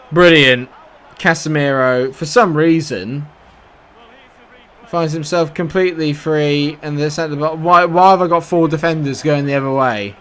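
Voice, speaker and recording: A young British gaming YouTuber commentates live on his own football video game, frustrated, swearing and sarcastic in a British English accent. His voice is a little high and a bit bright, clear and resonant, with a steady tone at normal speed.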